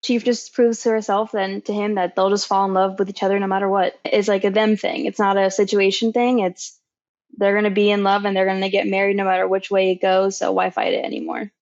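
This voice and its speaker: Female podcast guest: calm, steady explainer, recorded slightly dull. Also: medium pitch, a little fast. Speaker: podcast panelist. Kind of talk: casual film discussion.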